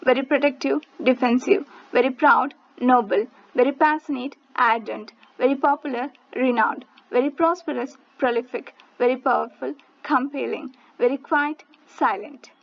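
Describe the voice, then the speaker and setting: Woman teacher, high voice, steady list-reading cadence, muffled lo-fi sound. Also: moderate pace, creaky, hardly any pauses. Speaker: English vocabulary teacher. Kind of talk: reading word lists.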